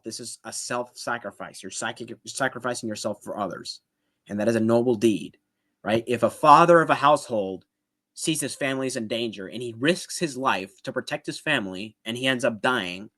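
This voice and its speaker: A man talks through his reasoning in a relaxed, conversational way, pausing on clips and breaking down each point. His voice sits in an average middle pitch. He restarts sentences and keeps asking "right?" to carry the listener along. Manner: explains step by step, often checks in with "right?". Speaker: apologetics video host. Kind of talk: casual commentary responding to a debate clip.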